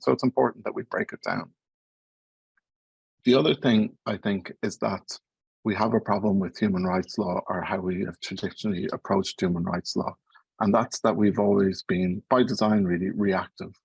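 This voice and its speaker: A man with an Irish accent giving an academic panel talk, speaking quickly and earnestly as he explains his points. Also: fairly low pitch, steady tone, vocal fry, darkish tone, breathy edge, dry recording, low-quality recording. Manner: fast-paced, earnest, explanatory.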